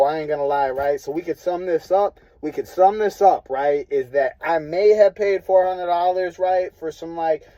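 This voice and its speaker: A man's voice: fairly high pitch, dark tone, no room sound, rough recording. A young man ranting casually to his viewers, profane and rambling, frustrated and full of fillers. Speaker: vlogger. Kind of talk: casual rant to camera.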